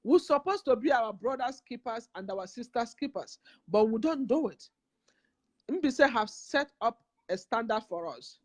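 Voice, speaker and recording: A woman's voice: a little high, animated, unhurried, dry recording. Nigerian lady preaching on her vlog, repeats herself a lot, emphatic, dry close sound. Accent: Nigerian English. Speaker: community vlogger. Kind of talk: impassioned vlog appeal.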